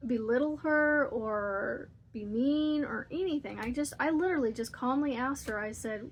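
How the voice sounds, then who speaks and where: A woman's voice: high-pitched, a little slow, a little hiss or hum. A woman hosting a crochet channel, chatting casually while she crochets and rambling through a story with frequent laughs.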